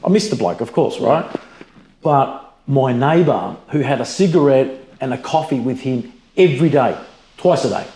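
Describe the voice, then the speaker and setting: A man's voice: medium pitch, moderate pace, echoey room. A middle-aged Australian man, a business founder, telling stories bluntly in a casual interview, swearing freely and saying "mate" a lot. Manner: blunt, animated, swears freely, peppers with "mate" and "you know".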